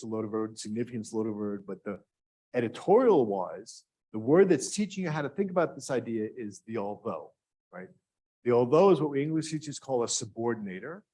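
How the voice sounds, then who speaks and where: A man's voice: medium pitch, lively intonation, fairly quick, dark tone. A man teaching a grant writing workshop to a live room and online audience, asking questions and drawing the listeners in. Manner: engaging, asks the audience questions. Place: classroom with live and remote audience.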